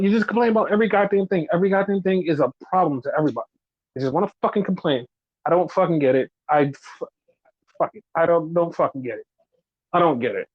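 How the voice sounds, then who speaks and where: A man's voice: on the high side, a little mellow, no room sound. A man hosting a casual wrestling podcast, ranting in exasperation with lots of swearing and mocking imitations of fans. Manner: profane, exasperated ranting with mocking quoted voices. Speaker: podcast host. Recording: dull lo-fi dry sound.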